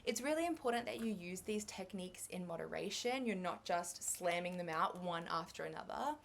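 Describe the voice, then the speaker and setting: A woman's voice: on the low side, expressive, brisk, vocal fry, a little hiss or hum. A young Australian woman giving a revision lecture on English exam skills, chatty and upbeat, with light laughs.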